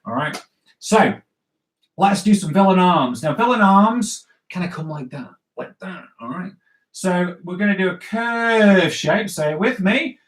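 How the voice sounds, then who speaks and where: Upbeat man, fairly high voice, running a live kids' drawing lesson in an echoey room. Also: expressive, measured pace. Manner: upbeat, chatty, keeps checking "all right?". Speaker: comics drawing teacher. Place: indoors at home. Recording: roomy echo.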